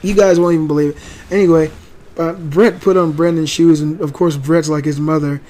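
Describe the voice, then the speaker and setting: A man hosting a channel, telling a family story casually and acting out the quoted lines loudly. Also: a little high, fairly even intonation, normal speed. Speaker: channel host and father.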